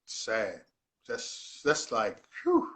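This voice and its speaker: A man's voice: mid-range voice, wildly swooping pitch, drawn-out words, fairly bright tone. A man hosts a casual livestream. He preaches in an emphatic, repetitive way and keeps circling back to the same point. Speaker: livestream host.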